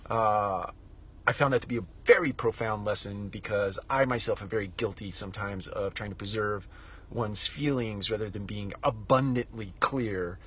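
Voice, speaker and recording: Solo male podcast host, middle-aged, husky voice, thoughtful storytelling monologue. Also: fairly low pitch, moderate pace, a bit bright. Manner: reflective storyteller drawing a lesson.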